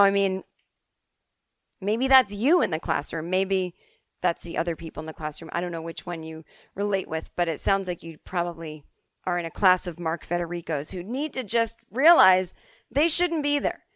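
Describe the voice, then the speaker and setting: A middle-aged woman from the Boston suburbs hosting a podcast, telling stories in a casual, animated way and swearing freely. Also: lowish voice, no echo, studio quality. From Boston suburbs, USA. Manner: chatty, animated, swears freely, acts out quotes. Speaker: podcast host answering listener emails. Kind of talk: casual comedic storytelling.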